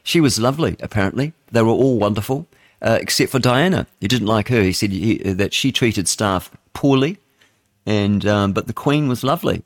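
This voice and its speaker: A man's voice: on the low side, lively intonation, normal speed, dry recording, studio quality. A man with a New Zealand accent hosting live talk radio, rambling and opinionated, with plenty of fillers and chuckles. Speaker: radio talk show host. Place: radio studio.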